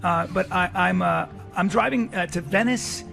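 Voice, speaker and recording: A man telling a crude, excitable story on a podcast, acting out the voices of the people in it. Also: sits high, moderate pace, vocal fry, soft background music.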